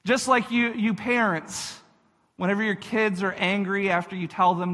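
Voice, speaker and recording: A man's voice: high-pitched, fairly even intonation, moderate pace, a bit bright. A man pastor giving an earnest sermon, repeating phrases for emphasis and speaking directly to his listeners. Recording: echoey hall reverb.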